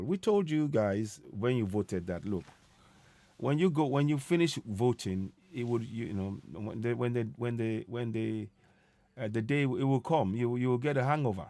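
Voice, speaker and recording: A man's voice: on the low side, normal speed, warm tone, dry recording. A man hosting an online commentary show, speaking emphatically and repeating his key points. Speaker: host.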